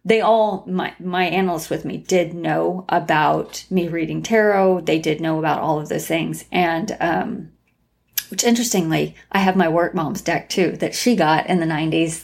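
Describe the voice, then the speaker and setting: Podcast guest: woman with a low, gravelly voice, rambling through a story. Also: unhurried. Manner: rambling, many restarts and fillers. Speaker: guest, tarot reader and former crime analyst. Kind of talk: casual storytelling interview.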